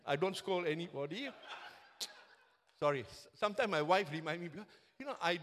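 High-voiced passionate Singaporean preacher in his seventies. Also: lively intonation, brisk, fairly bright tone. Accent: Singaporean English. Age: 70s. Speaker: pastor. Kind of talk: sermon.

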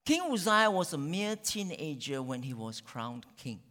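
A male pastor preaching a sermon, dramatic, with sudden loud peaks and drawn-out phrases. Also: fairly high pitch, very animated. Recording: long reverb of a large hall.

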